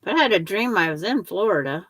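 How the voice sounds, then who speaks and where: A woman's voice: medium pitch, lively intonation, quick pace, fairly bright tone, a little hiss or hum. An older woman hosting a quilting livestream, chatting with viewers and talking herself through each step as she sews. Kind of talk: casual chat while sewing.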